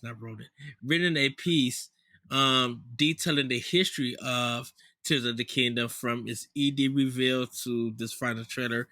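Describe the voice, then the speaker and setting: A man's voice: medium pitch, bright, forceful tone, no room sound, studio quality. A man hosting a casual podcast chat, hesitant and full of restarts as he steers the talk. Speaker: podcast host.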